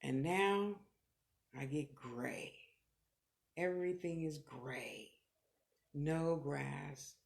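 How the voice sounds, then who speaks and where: Her voice low, creaky and darkish, a middle-aged Californian woman works as a clairvoyant medium on a livestream. She offers motivational talk and readings in short, reflective bursts, answering viewers frankly and cursing freely.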